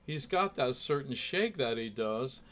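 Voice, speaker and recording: A man who plays guitar tells a story in a loose, chatty way. His voice sits at an ordinary middle pitch, and he drifts through fillers and asides as he goes. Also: expressive, unhurried, a bit bright. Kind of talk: casual storytelling.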